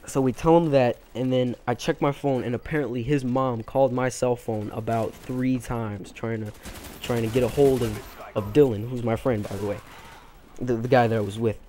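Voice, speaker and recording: A man's voice: mid-range voice, fairly even intonation, normal speed, warm tone, a little hiss or hum. A teenage man hosting a gaming channel, telling a long rambling story full of fillers and restarts over his gameplay.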